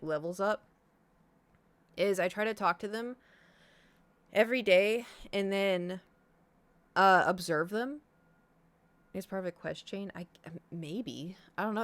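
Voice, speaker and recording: A woman streamer chatting casually, rambling quickly with lots of fillers. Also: mid-range voice. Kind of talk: casual chat.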